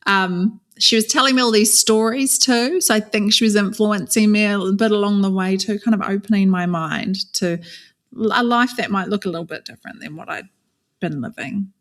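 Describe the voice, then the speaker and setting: A woman's voice: medium pitch, moderate pace. A young adult woman from New Zealand, a podcast guest telling her story in a candid, conversational way with many fillers and restarts.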